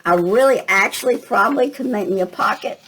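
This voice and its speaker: A woman's voice: medium pitch, fairly quick, a bit bright, a little hiss or hum, poor audio. An older woman, casually talking through a craft tutorial and thinking aloud as she works, with a slight cough. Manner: chatty, thinking aloud with fillers. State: coughing at times.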